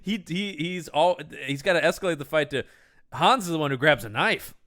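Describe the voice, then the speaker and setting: A man's voice: fairly high pitch, lively intonation, fairly quick, a bit bright. A man co-hosting a casual movie recap, wry and quipping, acting out characters' lines. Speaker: podcast co-host.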